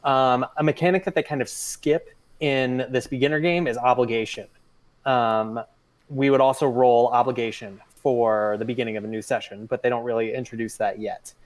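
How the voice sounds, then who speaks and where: Man, game master, patient rule explainer, methodical, lots of ums, mid-pitched voice. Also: steady tone, normal speed. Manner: patient, methodical, with frequent fillers. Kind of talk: explaining tabletop game rules.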